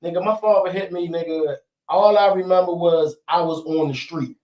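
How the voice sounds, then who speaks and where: A man in a casual talk show, telling stories in an animated, profane way. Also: on the high side, normal speed, muffled recording, heavy background noise. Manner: animated, profane storyteller who acts out quotes. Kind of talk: casual storytelling chat.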